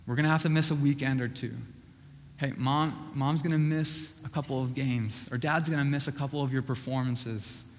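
Guy preaching a sermon, hammers the same phrases over and over, mid pitch, echoey hall. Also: steady tone, normal speed. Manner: repetitive, emphatic, drops to a hushed voice at line ends.

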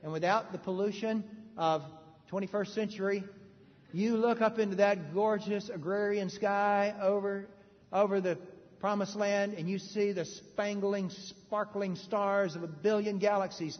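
A man preaching a sermon, animated and joking with the audience, swinging between loud bursts and hushed moments. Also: high voice, a little slow. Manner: joking, conversational asides to the audience. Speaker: pastor. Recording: reverberant hall, dull lo-fi sound.

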